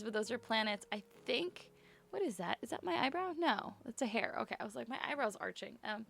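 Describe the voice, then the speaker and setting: A young woman streamer chatting casually and apologetically with her viewers from her bedroom at home, rambling from topic to topic in a brisk work voice. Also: high voice, creaky, fairly bright tone. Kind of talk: casual live-stream chat.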